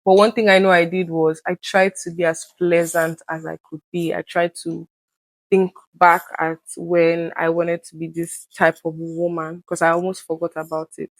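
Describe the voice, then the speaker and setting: A woman's voice: fairly low pitch, moderate pace, no room sound. A woman speaking as a guest in a candid personal conversation, earnest and open, often acting out past conversations. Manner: earnest, reenacts conversations with lively quoted voices.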